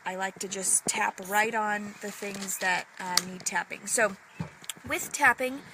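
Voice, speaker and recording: A woman's voice: medium pitch, background noise. A woman life coach talking in a casual motivational live stream, earnest and encouraging. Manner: earnest and encouraging, slow and reflective. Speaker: life coach hosting a live video session.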